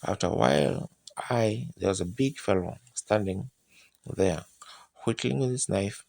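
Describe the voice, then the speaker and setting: A folksy preacher tells a long personal story in plain, colloquial speech, acting out moments as he goes. His voice is low and heavily gravelly, with a husky edge. The sound is dry and close. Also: measured pace, a little mellow, dry recording. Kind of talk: sermon storytelling.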